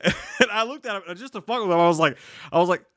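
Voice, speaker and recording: A man's voice: high-pitched, rapid-fire, a bit bright, no room sound, studio quality. A man co-hosting a casual live stream, reading viewer comments aloud and telling stories with animation and plenty of swearing. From United States. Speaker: podcast co-host reading chat.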